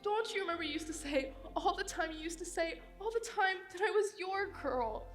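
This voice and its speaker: A teenage girl playing a frightened young bride pleading with her father in a high school stage play. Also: a little fast, faint music behind. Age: teens. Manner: panicked, pleading. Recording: echoey auditorium from a distance.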